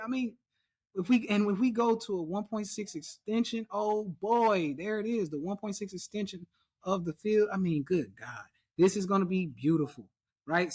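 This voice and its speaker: A man teaching trading in a casual chart walkthrough, emphatic and repetitive, drilling his points home. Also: high-pitched.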